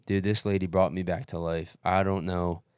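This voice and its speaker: Low-voiced man swearing through a story. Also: normal speed, clean tone, no echo, studio quality. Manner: profane, animated storytelling with many fillers. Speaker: podcast co-host telling a race story. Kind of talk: casual chat.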